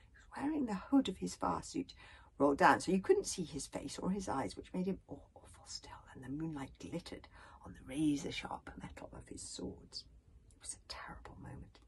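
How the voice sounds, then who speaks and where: Storybook reader: woman, hushed dramatic delivery, animated pitch. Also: normal speed, vocal fry, in a whisper, poor audio. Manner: dramatic, often dropping to a hush. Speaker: author reading her book. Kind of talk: storybook reading.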